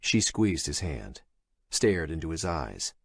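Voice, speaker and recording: A male narrator reading a thriller audiobook in a measured, expressive storytelling manner. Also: rumbling low, creaky, slightly rough, no echo, studio quality. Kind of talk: scripted horror thriller narration.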